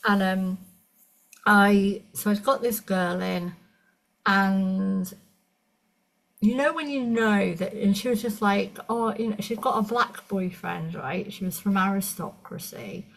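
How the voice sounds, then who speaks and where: A woman's voice: medium pitch, creaky, rough recording. A woman, an energy medicine practitioner chatting with a client and telling stories in a rambling way. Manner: chatty storytelling, restarts, quick asides. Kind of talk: casual conversation with a client.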